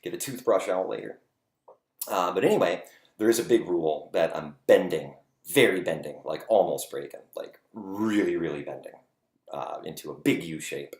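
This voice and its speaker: Home vlog host, male, deep voice, loose and self-deprecating, roomy echo. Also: moderate pace, darkish tone. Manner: rambling, self-deprecating, lots of "uh" fillers. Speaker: host of a home video series. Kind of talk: casual chat to camera. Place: dining nook at home.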